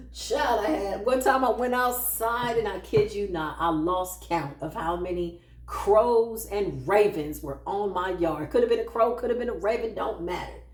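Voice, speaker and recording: A woman spiritual practitioner telling stories in a casual, sassy, animated way, laughing often and acting out what people said. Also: medium pitch. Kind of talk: casual storytelling monologue. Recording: roomy echo.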